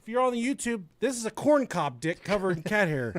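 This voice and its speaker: A middle-aged man co-hosting a crude comedy podcast, joking loudly and rambling through stories. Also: sits high, very animated, a little fast, a little hiss or hum. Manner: rowdy, joking, breaks into song and mock voices. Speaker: podcast co-host.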